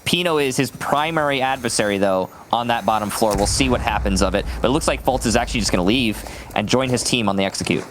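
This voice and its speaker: A man's voice: medium pitch, quick pace, few pauses. A man doing live esports commentary in a casual, chatty way with plenty of fillers. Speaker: esports caster. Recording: steady background noise.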